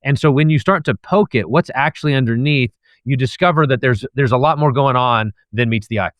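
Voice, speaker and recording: A man's voice: medium pitch, brisk, fairly bright tone, dry recording. A man who is a guest author and professor, thoughtfully laying out an analogy step by step in a discussion. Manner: thoughtful, lays out ideas step by step.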